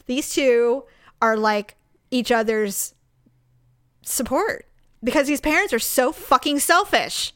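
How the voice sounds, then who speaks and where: A woman's voice: sits high, takes it slowly, long pauses, fairly bright tone, dry recording, clean studio sound. A woman telling an indignant travel story in casual chat, acting out the people she quotes.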